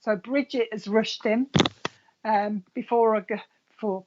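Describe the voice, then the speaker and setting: A woman's voice: a little high, steady tone, measured pace, lo-fi sound, very noisy. A woman working as a psychic medium, giving a live reading in a chatty way with frequent laughs.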